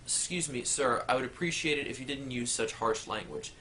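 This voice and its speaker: A man doing a hushed prim bank teller. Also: mid-range voice, brisk, natural voice. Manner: hushed, stiffly polite.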